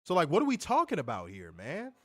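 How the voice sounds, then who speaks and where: A man's voice: fairly high pitch, wildly swooping pitch, fast talker. A man co-hosting a wrestling podcast, ranting heatedly with plenty of profanity in a casual, fired-up way.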